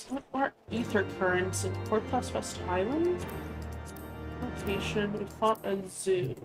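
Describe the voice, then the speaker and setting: Quiet, musing woman streamer. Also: medium pitch, expressive, measured pace. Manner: quiet, musing, with frequent fillers and self-corrections. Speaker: game streamer. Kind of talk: casual gameplay commentary. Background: faint game music.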